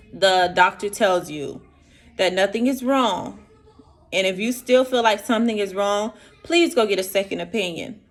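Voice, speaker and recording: A young woman speaks directly to her viewers in an earnest, emotional vlog, sharing the personal story of her diagnosis. Her voice is mid-range with a fairly bright tone.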